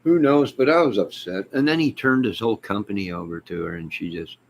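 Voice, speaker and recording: A man's voice: on the low side, lively intonation, a little fast, gravelly. A middle-aged man rambling and talking back to his viewers' comments, exasperated, in a casual live chat from home. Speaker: YouTube live host.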